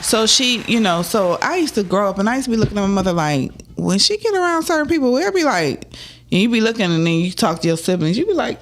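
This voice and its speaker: Female co-host, mid pitch, chatty storyteller. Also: very animated, fast, slight background noise. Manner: storytelling, mimics voices. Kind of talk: casual chat.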